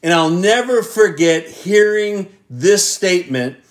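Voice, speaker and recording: Male pastor, measured and emphatic, leans on single words with pauses; slightly high-pitched. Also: expressive. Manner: emphatic, stretches key words with long pauses. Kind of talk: sermon with scripture reading. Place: church.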